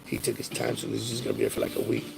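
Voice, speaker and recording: A man's voice: fairly low pitch, monotone, rapid-fire, vocal fry, background noise. A man chatting with a livestream host, telling loose, profane stories with laughter. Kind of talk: casual storytelling chat.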